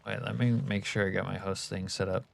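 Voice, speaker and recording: With a deep voice, vocal fry and fairly even intonation, a man briskly runs his livestream. He reads live chat and answers it, bantering profanely with his viewers.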